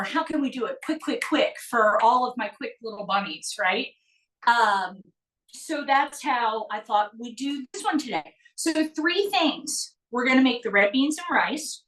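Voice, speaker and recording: A woman's voice: on the high side, fairly bright tone, roomy sound, recorded from a distance, rough recording. A woman teaching a live online cooking class, bubbly and chatty, greeting viewers by name as she cooks.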